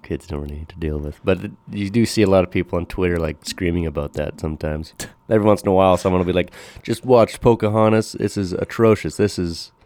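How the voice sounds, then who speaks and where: A man's voice: low-pitched, a little mellow, dry recording. A man chatting casually as a podcast co-host, trading profane jokes about history. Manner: profane, joking, quick history asides with silly voices. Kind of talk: casual chat.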